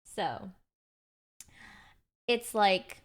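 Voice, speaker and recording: A woman's voice: mid-range voice, expressive, very slow. Chatty young woman streamer telling a story. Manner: chatty, exasperated storytelling with quoted back-and-forth. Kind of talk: casual storytelling to chat.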